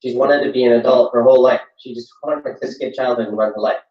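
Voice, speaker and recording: A man's voice: mid-range voice, steady tone, quick pace. A middle-aged man giving an earnest, reflective workshop talk on parenting, often repeating himself for emphasis. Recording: echoey room from far off, dull sound.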